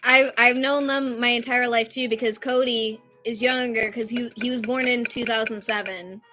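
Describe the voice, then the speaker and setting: Bright, chatty young woman streamer. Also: fairly high pitch, steady tone, moderate pace, faint music behind. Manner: chatty and rambling, loud at times. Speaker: live-stream host. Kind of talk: casual live-stream chat.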